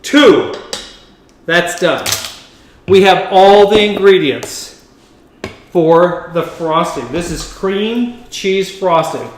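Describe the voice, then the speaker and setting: A man's voice: high voice, lively intonation, drawn-out words, pauses often, reverberant, slight background noise. A man hosting a home cooking video, chatting playfully and teasing his cameraman as he mixes. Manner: playful, camp, talks to the cameraman and to the food.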